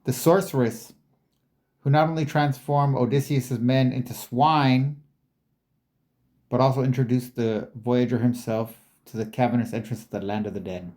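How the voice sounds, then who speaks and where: A man's voice: mid-range voice, steady tone, moderate pace, a little mellow. A man in a mid-range voice talks casually while reading on-screen text aloud. He rambles and muses, looping back over the same words and phrases as he goes. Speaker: video creator.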